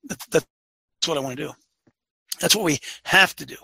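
Fiery high-pitched gravelly man ranting. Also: moderate pace, pushed and bright, no room sound. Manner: fiery, rhetorical, hammering questions; repeats phrases for emphasis. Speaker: commentary show host. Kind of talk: opinionated monologue.

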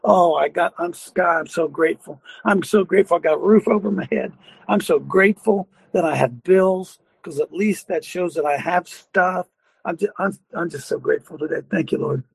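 A man's voice: sits high, normal speed, gravelly, husky, dry recording. An older man hosting a Christian call-in talk show, fervent and preachy, laughing often between his points. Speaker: radio talk show host.

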